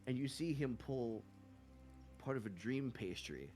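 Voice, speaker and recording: A man voicing an excitable male creature who speaks boastful broken English and drops his articles. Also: medium pitch, measured pace, faint music behind, lightly acted.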